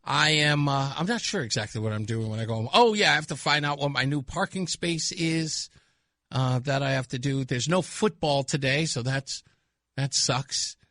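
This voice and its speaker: A man hosting a radio talk show in casual, animated chat, laughing often and sometimes dropping into a low murmur. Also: normal speed, no room sound, studio quality. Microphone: studio microphone.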